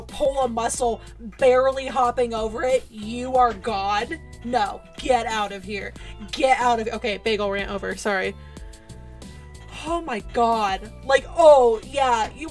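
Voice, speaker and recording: A young adult woman streamer, ranting outspokenly and swearing while commenting on a game. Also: a little high. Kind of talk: casual gameplay commentary and ranting.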